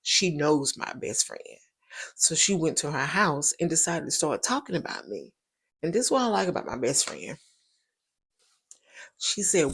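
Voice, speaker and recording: A woman's voice: deep voice, big pitch swings, normal speed, creaky, long pauses, a bit bright, breathy edge. A woman, hosting a show and telling a personal story in a casual, emphatic way, often repeating her points for stress. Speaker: show host.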